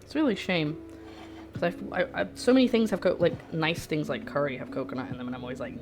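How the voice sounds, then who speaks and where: A woman's voice: sits low, lively intonation, fast talker. A woman hosting a cooking livestream from her home kitchen, chatting in a rambling, self-deprecating way. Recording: music playing underneath.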